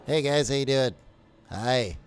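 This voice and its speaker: A man's voice: medium pitch, lively intonation, unhurried, faint music behind. A man streaming a horror game, chatting casually to viewers, jokey and swearing as he plays. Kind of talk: casual live game commentary.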